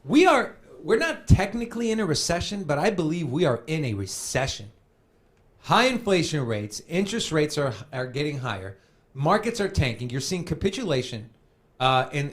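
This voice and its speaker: Lively crypto host guy, voice jumping all over, chatty and jokey. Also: on the high side. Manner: animated, joking, addresses viewers as guys. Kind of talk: casual podcast banter.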